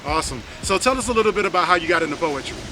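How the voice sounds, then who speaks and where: A man's voice: fairly high pitch, lively intonation, very fast, crowd noise. A man hosting an on-location interview, thanking guests and asking questions in an appreciative way. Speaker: host.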